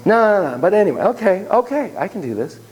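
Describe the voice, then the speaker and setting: A man who is a psychologist telling a story to students in a lecture, animated and joking, with frequent laughs. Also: sits high, fast.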